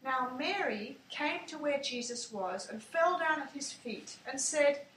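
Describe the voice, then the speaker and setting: A woman reads a Bible story aloud in a slow, measured storytelling manner. Her voice is high and bright. The sound comes from a distance in an echoey room with faint ambience behind her. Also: lively intonation, slight background noise. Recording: echoey room, mic far off.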